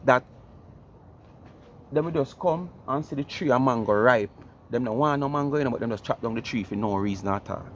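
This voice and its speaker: A man's voice: mid-range voice, fairly quick, slight background noise. A man with a Jamaican accent giving a mocking, comedic ranting commentary, repeating the listener's name over and over. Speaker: vlogger.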